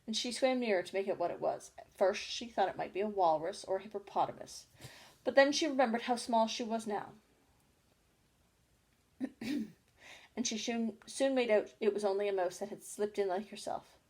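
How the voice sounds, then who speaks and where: A woman reads a storybook chapter aloud at an unhurried pace. Her voice sits at an ordinary middle pitch, and she now and then stumbles on a word and corrects herself. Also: a little mellow, husky. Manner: unhurried, with small slips and self-corrections. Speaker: audiobook reader. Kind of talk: storybook reading.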